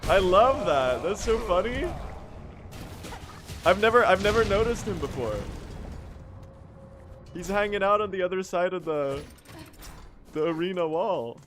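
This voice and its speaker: A man's voice: high voice, expressive, a little slow, pauses often, a bit bright, a little hiss or hum. A young man doing live, joking gameplay commentary as a speedrun streamer. He chats to his viewers and swears casually.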